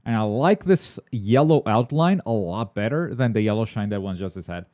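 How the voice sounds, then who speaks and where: Rambling excitable male streamer, dry sound. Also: on the low side, moderate pace, no echo. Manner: rambling and excitable, lots of fillers and blunt swearing. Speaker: host of a gaming and anime news stream. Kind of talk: casual chat.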